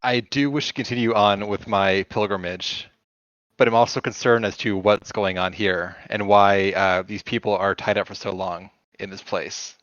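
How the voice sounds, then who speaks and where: A man's voice: on the low side, steady tone, normal speed, fairly bright tone, no echo, muffled recording, natural voice. A man playing an earnest male pilgrim adventurer in a tabletop game, speaking formally.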